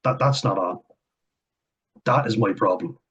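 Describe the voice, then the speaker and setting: A man's voice: on the low side, a little slow, a bit bright, breathy edge, highs cut off. An Irish man giving a heated, blunt vlog rant at home, swearing often. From Ireland. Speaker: commentator. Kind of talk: ranting vlog commentary. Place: at home, indoors.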